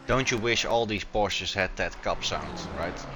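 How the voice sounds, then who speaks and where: A man who is not a native English speaker, giving loose, excitable live commentary on a sim race and stumbling over his words, with a faint racing sound behind him. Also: on the low side, measured pace, music in the background.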